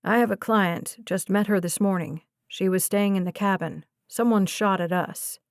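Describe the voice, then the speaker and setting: A woman voicing a calm, protective young man who talks in short, clipped phrases, in an audiobook. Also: medium pitch, moderate pace, clean tone, dry recording, studio quality, close to an everyday voice.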